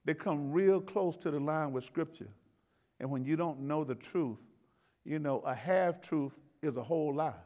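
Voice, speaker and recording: A man's voice: on the high side, moderate pace, dark tone. A man pastor giving a sermon in a folksy, conversational preaching manner.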